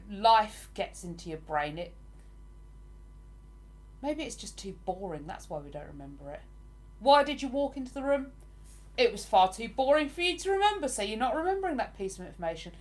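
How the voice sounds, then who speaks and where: A woman with an English accent hosting a casual live stream, chatting and laughing easily as she greets viewers by name. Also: mid-range voice.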